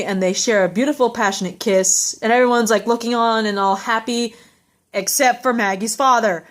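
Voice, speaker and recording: A woman's voice: fairly high pitch, fairly even intonation, normal speed. A young woman recapping a TV episode in a rambling, heartfelt, casual way, full of fillers and restarts.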